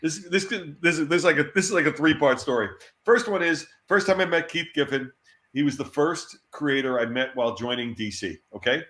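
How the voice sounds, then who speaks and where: Animated storytelling man, roomy echo. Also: a little high, fairly quick. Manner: animated anecdotes, laughs often. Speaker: interview guest. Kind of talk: storytelling in an interview.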